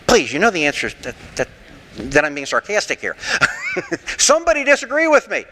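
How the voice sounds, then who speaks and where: A man leading an interactive sermon class, animated and rhetorical with a sarcastic streak, taking questions from the room in a church. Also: high voice, a little fast, long reverb tail. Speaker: pastor teaching a Bible class.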